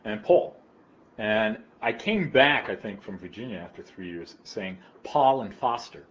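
A man in his sixties with a mild Long Island New York accent, reminiscing casually in an interview, relaxed and rambling with fillers. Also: on the low side, unhurried. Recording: slightly dull recording with faint room ambience.

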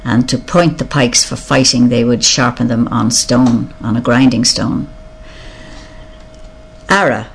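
An older speaker with an Irish accent reads out a list of words one by one, slowly musing on each meaning and often admitting they are unsure. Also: medium pitch, steady tone, creaky, slight background noise. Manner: slow, musing, reads each word aloud, then explains it or admits not knowing. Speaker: reader of a word list. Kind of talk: reading and explaining a word list.

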